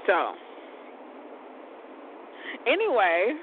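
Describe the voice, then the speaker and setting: The host speaks very slowly, his pitch swooping wildly, as he rambles loosely on his own show. Frequent laughter and mild cursing come through tinny, phone-like audio with vehicle rumble.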